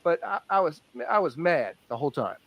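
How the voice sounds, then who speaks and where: A man telling a story in an animated, emphatic way. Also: a little high, a little fast, dry recording.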